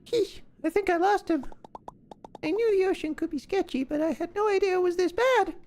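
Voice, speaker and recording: A woman doing a squeaky flustered little crab. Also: a little fast, darkish tone. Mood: wry. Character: small young male crab, jittery and flustered. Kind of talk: reading game dialogue aloud.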